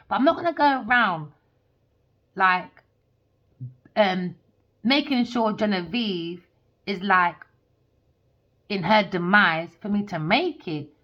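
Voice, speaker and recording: A woman's voice: mid-range voice, takes it slowly, long pauses. A woman, a tarot reader ranting heatedly and swearing in a monologue. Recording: dull lo-fi recording.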